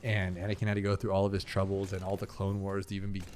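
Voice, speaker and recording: This young gaming channel host speaks rapid-fire in a low, monotone, slightly mellow voice while playing a video game, with slight background noise behind him. His casual talk rambles on, filler-heavy and full of asides.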